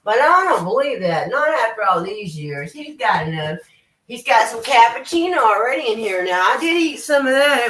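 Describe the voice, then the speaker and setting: A woman's voice: on the high side, fairly bright tone, breathy edge. An American woman chatting casually on a live stream, swearing freely and talking straight to her viewers. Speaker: vlogger.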